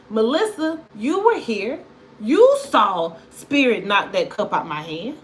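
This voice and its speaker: A woman, chatting casually with viewers as a tarot reader on a livestream, animated and repetitive. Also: fairly high pitch, takes it slowly. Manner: animated storytelling, repeats phrases, talks to viewers.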